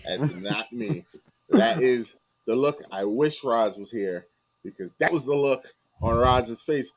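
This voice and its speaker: A man's voice: mid-range voice, sing-song, slow, creaky, rough recording. A man co-hosting a casual sports podcast, teasing and blunt in his trash talk. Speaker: podcast co-host.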